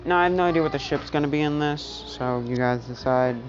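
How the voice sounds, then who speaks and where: A woman's voice: deep voice, quick pace, music in the background. A woman telling a fan story in a casual, rambling way, with many fillers and restarts, recorded at home. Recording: dull lo-fi recording.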